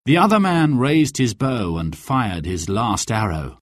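A man reading a storybook aloud as narrator, with expressive, clear and careful delivery. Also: fairly low pitch, takes it slowly, pauses often.

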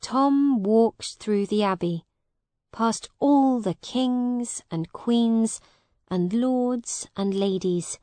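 Woman narrator, storybook reading, very slow, clear, dry close sound. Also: a little high, warm tone, no echo. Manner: slow, clear, simple graded-reader reading.

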